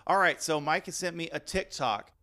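A man's voice: on the high side, normal speed, very noisy. A man hosting a podcast in loose banter who rambles and laughs often. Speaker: podcast host.

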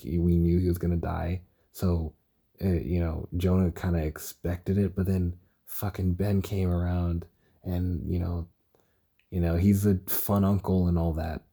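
On his own casual podcast discussing a TV show, a tired young man rambles, stumbling over words and cursing. His low-pitched voice is creaky and mellow with a breathy edge.

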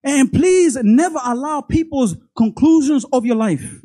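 Animated preacher with stammering repeats. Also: sits high, a little slow, no echo. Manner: animated, stammers and repeats words, laughs between lines; speaks directly to the congregation, acting out God's voice. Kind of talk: sermon.

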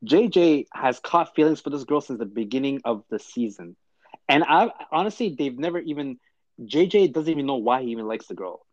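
A man co-hosting a podcast in casual chat, animated and full of "like" and "I'm like". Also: mid-range voice, a little fast, no room sound, highs cut off. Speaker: podcast co-host.

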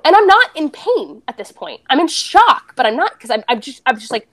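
Young woman on a podcast telling her story, kinda high voice, very animated, does all the quotes. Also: moderate pace. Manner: animated retelling, acting out quoted dialogue. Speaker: podcast guest. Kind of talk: candid storytelling chat.

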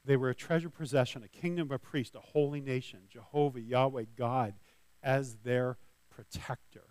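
A man's voice: mid-range voice, steady tone, moderate pace, darkish tone, no echo. A man giving a sermon as a pastor, talking in a loose conversational way with restarts and light laughs, and reading scripture with rising force.

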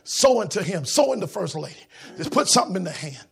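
A preacher delivering a sermon, alternating rhythmic shouting with quieter storytelling in a raspy voice. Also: male voice, high voice, sing-song, quick pace.

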